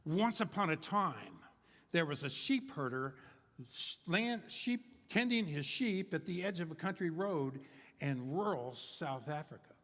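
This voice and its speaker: A man's voice: on the high side, lively intonation, a little slow, fairly bright tone. An older man preaching a humorous sermon, rambling and joking with many fillers and restarts. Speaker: guest preacher. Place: church sanctuary. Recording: long hall reverb in a church.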